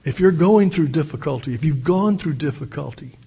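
Older man, pastor, earnest storytelling sermon; slightly high, husky voice; reverberant church hall. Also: lively intonation, brisk, warm tone. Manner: earnest, storytelling, with repeated restarts.

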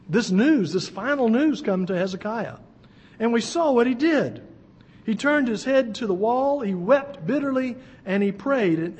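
A man's voice: high-pitched, darkish tone, slightly rough, in a large hall. A man preaching as a pastor, reading scripture aloud and explaining it in an earnest, emphatic way with folksy asides.

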